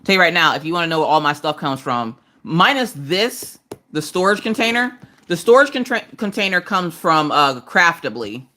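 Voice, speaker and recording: A woman's voice: sing-song, moderate pace, pushed and bright. A woman, chatting casually and joking on a crafting live stream while she works. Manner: joking, self-deprecating, jumps into high squeaky voices to greet viewers. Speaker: livestream host doing diamond painting.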